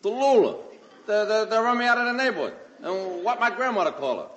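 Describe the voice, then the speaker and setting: A man's voice: high voice, animated, fast talker, echoey room, low-quality recording. A man from Brooklyn with a Brooklyn accent, telling a wisecracking stand-up monologue on stage. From Brooklyn, New York. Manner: wisecracking storyteller who shouts fans' lines. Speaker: stand-up comedian. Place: stage before a live audience.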